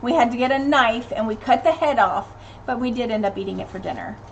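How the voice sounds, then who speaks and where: Woman in her thirties, from Tennessee, fairly high voice, rambling live-stream chat, lots of ums, faint background hiss. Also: fast talker, muffled recording. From Tennessee, USA. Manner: chatty and rambling, many ums, reads viewer comments aloud. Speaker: live-stream host and mother.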